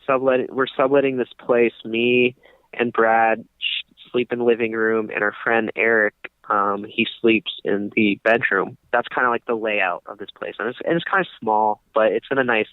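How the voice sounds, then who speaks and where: A young man co-hosting a podcast tells a long story in casual chat, full of fillers and restarts. His voice sits on the low side with a steady tone and moderate pace, and the audio is dry and tinny like a phone, with no room sound.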